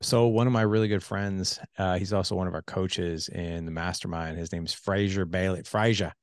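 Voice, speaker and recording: Male podcast host, low-ish voice, loose and joking, dry close mic. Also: steady tone, moderate pace, no room sound. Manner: joking, filler-heavy, repeats words. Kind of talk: casual interview chat.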